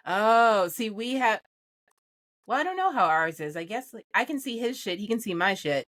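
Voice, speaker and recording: A woman co-hosts a laid-back podcast, her voice sitting at an ordinary middle pitch. She talks in an animated, opinionated way, stressing her points with conviction. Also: normal speed. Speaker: podcast co-host. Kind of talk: casual chat.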